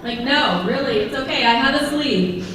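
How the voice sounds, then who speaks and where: A woman performing a stand-up routine, sarcastic and animated as she tells stories. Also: high-pitched, moderate pace, background noise. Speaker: stand-up comedian. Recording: echoey venue, mic far off.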